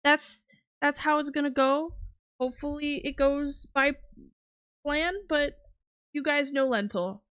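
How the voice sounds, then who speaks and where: A woman's voice: high-pitched, fairly even intonation, measured pace, pauses often, a bit bright. A woman hosting a livestream in casual chat. She rambles with lots of fillers and giggles from her home streaming setup. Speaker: livestream host.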